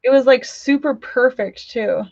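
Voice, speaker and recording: A woman's voice: high-pitched, a little slow, a little mellow, no echo. A chatty woman hosts a casual craft live stream from home. She reads viewer comments aloud and laughs easily. Her voice comes through a dull home mic in a dry, close space. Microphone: home microphone.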